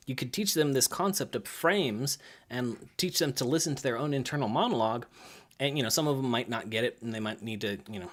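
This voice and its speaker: Talking to the camera in a laid-back way, a young man who coaches gymnastics discusses his coaching. He's spirited, uses a lot of fillers, and plays out kids' lines in higher voices.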